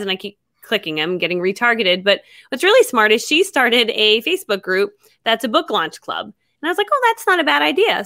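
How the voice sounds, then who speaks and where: A middle-aged woman chatting as a guest author on a podcast, bubbly and quick, laughing often. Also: on the high side, pushed and bright, dry recording, studio quality. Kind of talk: casual podcast chat.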